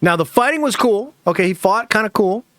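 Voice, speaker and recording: A man's voice: sits high, expressive, brisk, fairly bright tone, no room sound, clean studio sound. A man hosting a movie news channel, giving casual, profane opinion commentary with lots of fillers.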